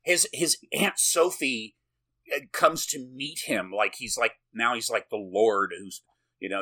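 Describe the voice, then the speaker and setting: Speaking a little slowly in a sharp-toned, medium-pitched voice, this podcast co-host goes over a movie. The chat is loose and jokey, and he swears and laughs a lot as he rambles.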